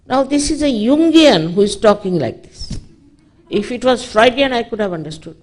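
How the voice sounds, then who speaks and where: A woman's voice: on the high side, animated, moderate pace. A woman from India with an Indian English accent, giving a public spiritual talk in an emphatic, storytelling way with frequent asides. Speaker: spiritual teacher.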